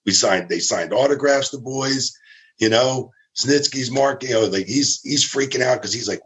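A man's voice: mid-range voice, moderate pace, a bit bright. A man casually telling a long story, acting out quotes of the people in it, swearing and laughing as he goes. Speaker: storyteller guest.

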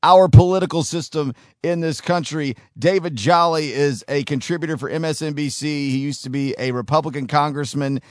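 A man's voice: on the high side, normal speed, no room sound, clean studio sound. A man hosting a commentary show, ranting casually in a sarcastic, profane and mocking way.

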